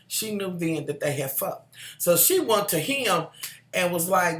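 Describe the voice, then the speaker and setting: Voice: mid-range voice, lively intonation, unhurried, fairly bright tone, echoey room. A vlogger recapping a TV drama in casual chat, sassy and profane, calling viewers y'all and honey.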